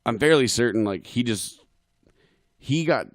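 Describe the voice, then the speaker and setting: A man co-hosting a casual podcast, talking in a laid-back, halting way. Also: mid-range voice, animated, no echo, studio quality. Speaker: podcast co-host. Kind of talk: casual chat.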